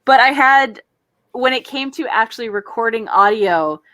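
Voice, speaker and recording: A woman in her thirties hosts a relaxed drawing stream, talking freely and poking fun at herself. Her voice sits a little high. The sound is dry and close, with no room around it. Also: normal speed, no echo. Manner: chatty, self-deprecating, laughs often. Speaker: stream host. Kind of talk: casual chat while drawing.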